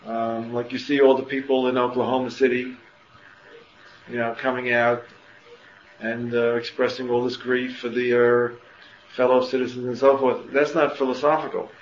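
Homem dando aula em sala ecoante. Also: male voice, mid-range voice, level tone, moderate pace, a little hiss or hum. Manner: questioning, rhetorical, many restarts. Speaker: Torah teacher. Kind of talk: classroom lecture. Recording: muffled roomy classroom recording with faint ambience.

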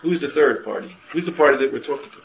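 A man lectures a class in a middle-pitched voice, tossing out rhetorical questions and restarting his sentences as he works through an idea. The recording is muffled and roomy, with a faint hum of ambience behind him. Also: expressive, fast talker, creaky. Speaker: Torah teacher.

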